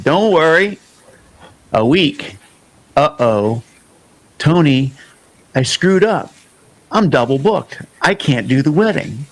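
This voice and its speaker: Animated male podcast host telling stories. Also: mid-range voice. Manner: animated storyteller, acts out quoted dialogue. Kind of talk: casual storytelling interview.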